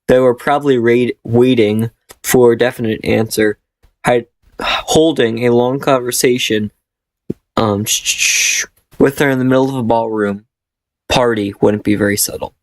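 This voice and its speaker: A man's voice: mid-range voice, moderate pace, dry recording, close to an everyday voice. A man reading as a curt woman team leader. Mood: terse. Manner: flat read-aloud delivery. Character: cool-headed woman, leader of a scheming trio.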